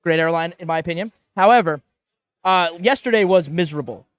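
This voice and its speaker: A man with a fairly high voice recounts a comic anecdote on a live show. He talks in an animated, playful way and slips in quoted asides. The sound is dry and close. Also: brisk, dry recording. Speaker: panel guest. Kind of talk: casual storytelling on a live panel show.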